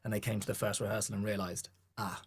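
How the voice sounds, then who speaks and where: A man's voice: on the low side, very fast, husky. A man with a posh southern English accent, a vocal coach telling stories in a podcast interview and acting out the voices of people he quotes. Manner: animated storyteller who acts out quoted voices. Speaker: vocal coach and gospel choir leader. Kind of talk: podcast interview, relaxed storytelling.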